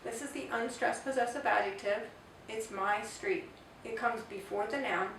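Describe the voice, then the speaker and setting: A woman's voice: a little high, normal speed, a bit bright. A woman teaching a grammar lesson, patiently spelling out word forms one at a time. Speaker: Spanish teacher. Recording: echoey room, far from the mic, faint hiss.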